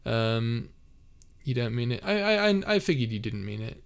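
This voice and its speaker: A young man chatting loosely on a live stream from his house. His voice sits in a middle pitch, and he wanders into fillers and restarts as he reads and reacts to comments. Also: big pitch swings, moderate pace, vocal fry, clean tone. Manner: easygoing, rambling, many fillers and restarts. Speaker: streamer and audio roleplay creator. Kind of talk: casual live-stream chat, reading comments. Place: a house, indoors.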